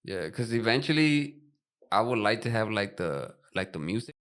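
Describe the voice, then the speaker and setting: A man's voice: on the low side, lively intonation, moderate pace, fairly bright tone. A man co-hosting a podcast in a loose, slangy casual chat, trailing off and laughing between thoughts. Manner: laid-back slangy talk, trailing off, laughing. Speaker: podcast co-host.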